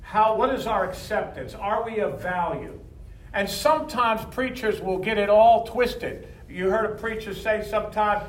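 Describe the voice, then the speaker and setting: A man's voice: sits high, normal speed, slight background noise. A man preaching a sermon to a congregation, reading verses and leading call-and-response. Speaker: pastor. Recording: echoey hall from far off.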